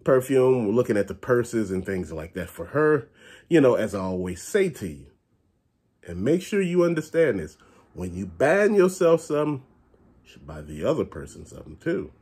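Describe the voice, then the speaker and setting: A man's voice: medium pitch, normal speed, slightly rough. A man ranting casually and bluntly to his viewers about a bad store visit, cursing often and talking directly to them. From Chicago area. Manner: animated, blunt, curses often. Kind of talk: casual profane rant.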